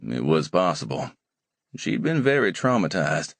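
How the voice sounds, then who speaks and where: A man narrating a romance audiobook in the first person, steady and measured. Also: deep voice, dry recording.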